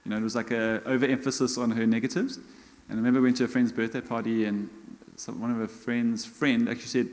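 South African preacher in reverberant church. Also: male voice, mid-range voice, flat delivery, fast, a little mellow. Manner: conversational, self-mocking humor. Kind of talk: sermon. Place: church hall. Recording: long church hall reverb.

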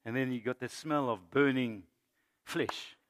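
A middle-aged male pastor giving a sermon, moving between loud emphatic preaching and quiet storytelling. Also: medium pitch, measured pace. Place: church.

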